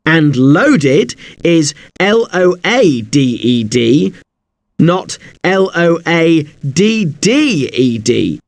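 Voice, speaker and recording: A man teaching an English spelling lesson, spelling words out slowly letter by letter. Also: on the high side, big pitch swings, no room sound.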